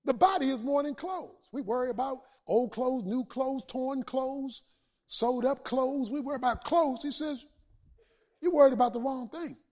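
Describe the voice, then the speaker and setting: High-voiced preacher man shouting sermon. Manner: preaching with swells to shouts and dramatic pauses. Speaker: pastor.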